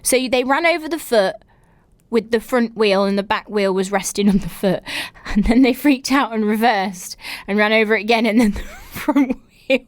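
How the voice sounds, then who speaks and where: A woman's voice: a little high, moderate pace, no room sound. A woman hosting a podcast, reading listener stories aloud and reacting with giggly laughter and incredulous exclamations. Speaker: podcast host.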